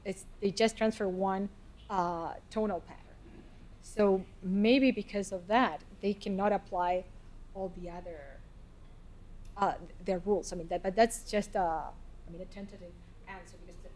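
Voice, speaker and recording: A woman's voice: medium pitch, darkish tone. A woman lecturer answering audience questions in a lecture hall, talking hesitantly with frequent restarts and "I mean" fillers. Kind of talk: academic Q&A answers.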